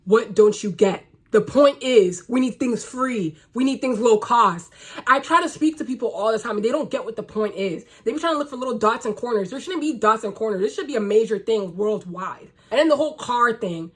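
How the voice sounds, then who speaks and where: A woman's voice: on the high side, lively intonation, brisk, breathy edge. Young US woman, vlogger; blunt, sweary, sarcastic rant to camera. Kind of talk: casual ranting monologue to camera.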